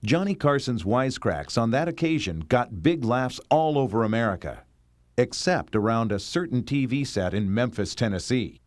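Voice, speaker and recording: A man reading scripted documentary narration in a measured, expressive way. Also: mid-range voice, no echo, clean studio sound.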